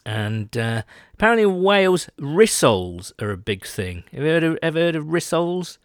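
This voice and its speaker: A man's voice: fairly high pitch, very animated, normal speed, dry recording. British male podcast co-host, chatty and self-mocking, recorded close and dry. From Britain. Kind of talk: casual podcast chat. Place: home, London.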